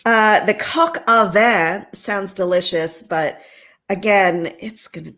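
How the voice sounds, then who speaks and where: A woman co-hosting a casual podcast chat, enthusiastic and quick to laugh. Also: medium pitch, fairly bright tone. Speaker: podcast co-host.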